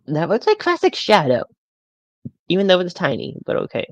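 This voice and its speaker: A man's voice: sits high, wildly swooping pitch, moderate pace, no echo, lo-fi sound. A man chatting casually on a live stream as a toy collector, rambling and often stammering over his words.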